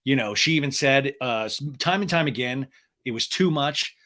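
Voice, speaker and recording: A man's voice: mid-range voice, moderate pace. A man hosting a podcast, chatting casually and animatedly about pop culture. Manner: chatty and animated, with laughs and silly quoted voices. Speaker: podcast host.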